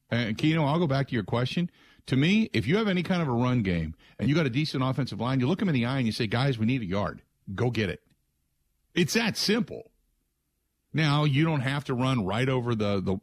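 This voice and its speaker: A man's voice: medium pitch, no echo. A man hosting a sports talk radio show, emphatic and opinionated, with many fillers as he argues his point.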